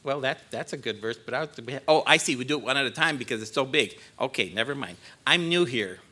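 Choked up and self-deprecating, a guest preacher in his sixties opens his sermon with jokes in a church sanctuary. His medium-pitched voice is expressive, brisk, pushed and bright.

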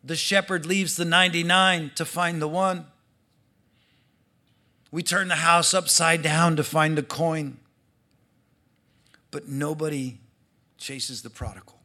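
Male pastor, high bright voice, lively sermon delivery with acted-out quotes. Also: takes it slowly, pauses often. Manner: animated, acts out quoted voices, swings from loud to hushed.

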